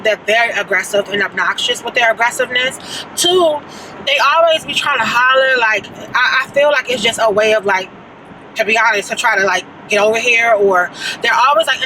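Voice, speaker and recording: Woman, late 30s, high voice, animated slangy storytelling, casual vlog, car noise behind. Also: distant mic. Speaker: vlogger.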